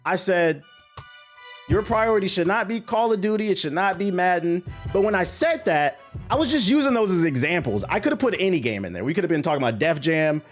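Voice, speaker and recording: A man's voice: sits high, brisk, faint music behind. A young man, ranting in casual, profane stream commentary. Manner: animated, slangy, profane rant. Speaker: streamer and content creator.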